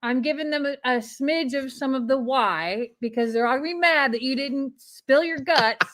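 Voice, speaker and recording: A woman's voice: high-pitched, moderate pace, fairly bright tone. A woman co-hosting a casual live stream with dry, matter-of-fact asides. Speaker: co-host.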